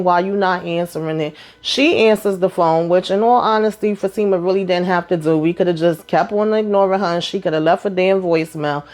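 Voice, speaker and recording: A woman, chatting through a TV episode recap. She retells scenes in a loose, animated way, jumping into the characters' lines and leaning on fillers as she goes. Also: lowish voice. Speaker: TV recap host.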